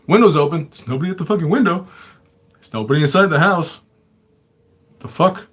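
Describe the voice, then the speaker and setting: A man's voice: on the high side, a little fast, fairly bright tone, breathy edge. A man hosting a show, telling his own stories casually, swearing constantly and chuckling often. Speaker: show host. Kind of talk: casual storytelling.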